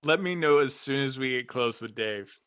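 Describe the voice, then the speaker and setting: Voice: mid-range voice, moderate pace, fairly bright tone, clean tone, highs cut off. A tabletop game player talking in a playful, jokey way. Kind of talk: tabletop role-play chat.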